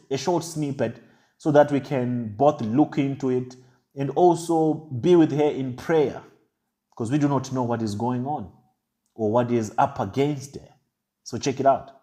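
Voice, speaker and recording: A man giving an impassioned, deliberate commentary monologue. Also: medium pitch, warm tone. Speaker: online commentator.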